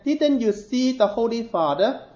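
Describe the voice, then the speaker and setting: A man's voice: very high voice, expressive, a little slow, a little mellow, pitched above the performer's own voice. A man voicing an earnest, devout little peasant girl in a storytelling sermon, speaking with a pleading tone. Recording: roomy, dull sound.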